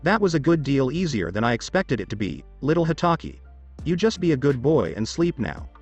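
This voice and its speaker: A man's voice: mid-range voice, big pitch swings, a little fast, husky, highs cut off, soft background music. A man voicing a sly, sing-song male kidnapper who leads a team. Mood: soothing.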